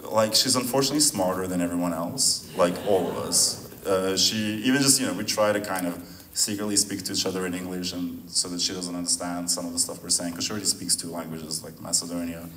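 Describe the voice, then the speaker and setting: A man, a filmmaker, answering audience questions after a screening in a relaxed, rambling way with frequent laughs. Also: sits low. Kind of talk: post-screening Q&A. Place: venue hall at a screening. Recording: roomy sound from a distant mic, faint noise.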